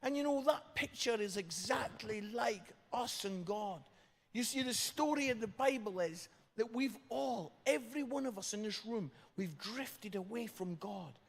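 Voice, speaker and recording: A man's voice: high-pitched, lively intonation, a little slow, vocal fry. A British man preaching an evangelistic sermon, telling a story and repeating phrases for emphasis. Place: large church hall. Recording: long hall reverb.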